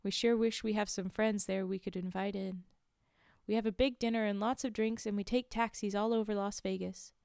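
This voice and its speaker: Woman reading a story, clear close voice. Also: medium pitch, fairly even intonation, normal speed, darkish tone, no echo. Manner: reads the text plainly and breaks off for chatty, amused asides. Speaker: streamer reading a book aloud. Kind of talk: casual live-stream book reading with asides.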